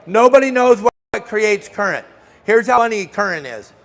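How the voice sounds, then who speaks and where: Man, middle-aged, seminar speaker, joking, quizzes audience, high gravelly voice, echoing show hall. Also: lively intonation, moderate pace, a bit bright. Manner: joking, teasing the audience, quizzing them by name. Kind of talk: live seminar talk. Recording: long hall reverb.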